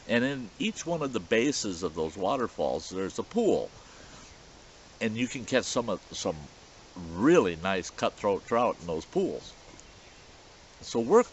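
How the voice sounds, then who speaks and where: Guy spinning a yarn by the campfire, lively swoopy voice, lo-fi with faint hiss. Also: lowish voice. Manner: folksy, animated yarn-spinning. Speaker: storyteller. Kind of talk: campfire storytelling. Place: outdoors at a campfire in the woods. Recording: dull lo-fi recording with faint hiss.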